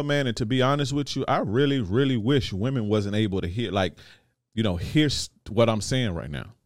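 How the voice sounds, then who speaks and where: Speaking to his podcast listeners, a man delivers a blunt, slangy, profane monologue, often checking whether they follow and repeating "you see what I'm saying." His voice sits lowish, and the studio-quality recording has no echo.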